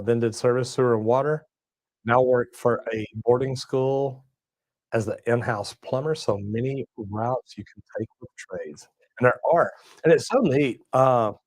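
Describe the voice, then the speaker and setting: A middle-aged man talks in a relaxed, folksy drawl, tossing in y'all and man as he chats on a livestream. His voice sits in an ordinary middle register and sounds close and dry, with no room around it. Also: medium pitch, dry recording, low-quality recording. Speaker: plumbing channel host reading live chat. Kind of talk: casual livestream chat.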